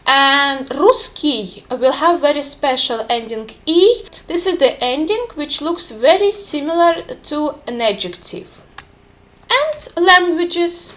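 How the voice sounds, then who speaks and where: Slow-speaking woman teaching vocabulary. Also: high voice, big pitch swings, a bit bright. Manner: careful, clear pronunciation with repeated examples. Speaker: language teacher.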